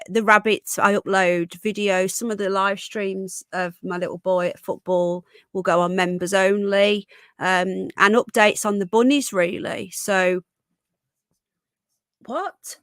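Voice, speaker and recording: A woman hosting a live stream whose voice is going croaky, chatting casually and rambling with fillers and restarts. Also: medium pitch, steady tone, measured pace, a bit bright, dry recording, clean studio sound.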